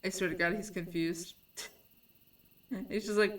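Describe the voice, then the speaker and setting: A woman's voice: medium pitch, fairly even intonation, measured pace, pauses often. A woman streaming live from home, chatting casually with her viewers, easily sidetracked and swearing now and then. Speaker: livestreamer.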